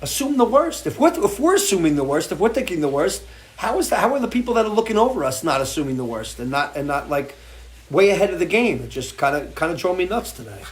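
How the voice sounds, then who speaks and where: A man's voice: sits high, very animated, quick pace. Impassioned man ranting on a live show. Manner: impassioned, swearing rant with frequent restarts. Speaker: musician hosting a live show. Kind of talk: off-the-cuff livestream talk. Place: home porch.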